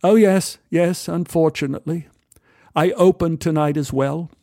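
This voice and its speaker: A man's voice: fairly high pitch, unhurried, mellow, dry recording, voice pushed up. A man voicing a polite, dry-witted older English playwright with an English accent, in a told story. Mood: droll. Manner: dry, droll, genteel.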